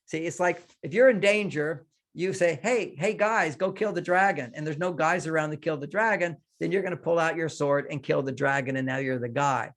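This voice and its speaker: A man's voice: a little high, fairly quick, hardly any pauses. An older man, a relationship author, giving advice in a conversational interview and acting out example lines. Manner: explains with quoted example lines.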